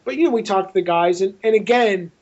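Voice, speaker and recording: A man's voice: sits high, fast talker, a little mellow. A man, a film director being interviewed as a guest, tells a long anecdote and acts out both sides of the conversations, with frequent restarts. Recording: dull lo-fi sound.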